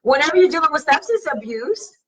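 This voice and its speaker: A woman's voice: sits high, very animated, fast, far from the mic, poor audio. A woman hosting a casual live-stream talk show, reading viewer comments and talking in an emphatic, slangy, sassy way. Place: home live stream over wireless connection.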